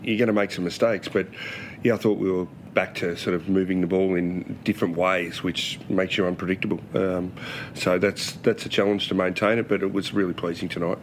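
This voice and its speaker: Australian male coach at a press conference; very low voice, plain-spoken. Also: fairly even intonation, fairly quick, a little hiss or hum. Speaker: football coach. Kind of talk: post-match press conference.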